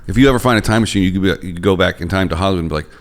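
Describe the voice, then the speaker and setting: A male podcast host in casual comedic chat, playful and quick to slip into mock announcer voices. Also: low-pitched, a little hiss or hum. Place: room near a street.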